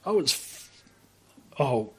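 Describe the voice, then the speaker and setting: An Australian man speaking as a podcast guest, recounting events in a loose, blunt style with plenty of swearing. His voice sits at an ordinary middle pitch, and his talk is full of ums and restarts. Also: very animated, slow, fairly bright tone, husky. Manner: blunt and profane, lots of fillers. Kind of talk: casual storytelling.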